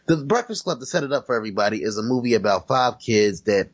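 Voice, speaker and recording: A man's voice: mid-range voice, expressive, fast, slightly rough, highs cut off. A man co-hosting a podcast, chatting loosely about movies with plenty of profanity and fillers. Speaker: podcast co-host. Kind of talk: casual chat about movies.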